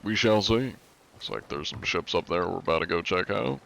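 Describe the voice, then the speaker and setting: Low-voiced man rambling on a stream. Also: lively intonation, moderate pace, creaky, fairly bright tone, slight background noise. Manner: rambling, many filler likes. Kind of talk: casual live-stream commentary.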